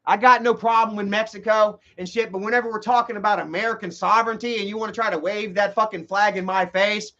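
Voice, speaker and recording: A man with a very high voice delivers a heated, profanity-laced rant, rambling and restarting his sentences. The recording is muffled and lo-fi. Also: fairly even intonation, quick pace, few pauses, pushed and bright. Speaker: vlogger. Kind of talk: profane ranting monologue. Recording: dull lo-fi recording.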